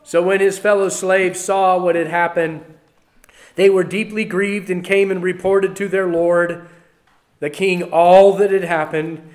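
A man with a notably high voice, preaching a sermon. He reads a passage aloud, then talks it through in a conversational tone, pushing some words out loudly and dropping others to near a murmur. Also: little pitch movement, measured pace. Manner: conversational, swings between loud emphasis and quiet asides. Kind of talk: sermon, reading scripture and commenting.

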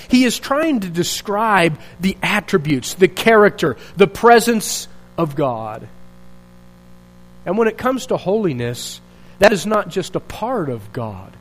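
Over a poor recording, a pastor's high-sitting voice swings widely in pitch as he preaches at a measured pace. He sounds earnest and searching, posing rhetorical questions and starting his phrases over.

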